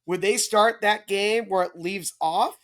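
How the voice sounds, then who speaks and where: A man's voice: high voice, unhurried, a bit bright. Rambling man explaining baseball rules. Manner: rambling, self-correcting, checks in with listeners. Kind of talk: casual explanatory chat.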